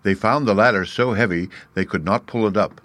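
Male storybook narrator; low voice, dry close recording. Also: brisk, a bit bright, no echo. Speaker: audiobook narrator.

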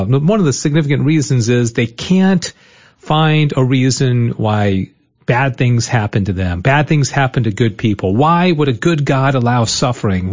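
A man's voice: mid-range voice, a little mellow, muffled recording. A man hosting an interview, asking long questions with many restarts. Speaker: interview host. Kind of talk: conversational interview.

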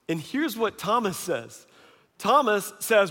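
Male preacher, high-pitched, animated storyteller, long hall reverb; casual sermon delivery. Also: moderate pace. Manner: animated storytelling, acting out quoted voices.

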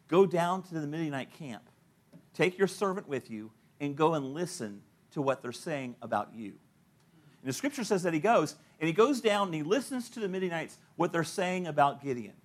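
Animated, high-voiced male pastor preaching. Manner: animated storytelling, acting out quoted voices, laughing at own points. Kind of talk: sermon.

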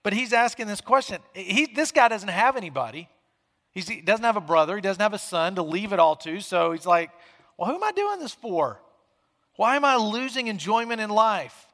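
A man's voice: sits high, lively intonation, a little fast, a bit bright, in a large hall. A male pastor giving a conversational sermon, acting out quoted questions with rising and falling volume in a church sanctuary.

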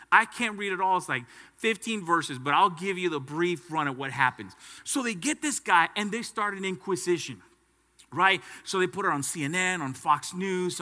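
A man's voice: high voice, lively intonation, moderate pace, bright, forceful tone. A male pastor preaching a sermon, emphatic and stern, urging the congregation to answer back. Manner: emphatic, with call-and-response prompts to the congregation. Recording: long hall reverb.

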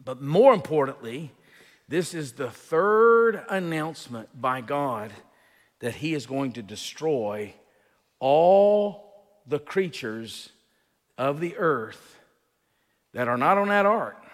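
A pastor preaches an expository sermon, teaching unhurriedly with fillers and restarts and building emphasis on key points. His voice is a little high and expressive, with a long reverb tail.

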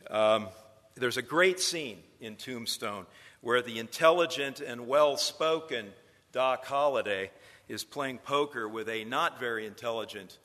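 A man's voice: medium pitch, sharp tone, big-room sound. A man lecturing future preachers in a sermon style, telling stories and building to emphatic points.

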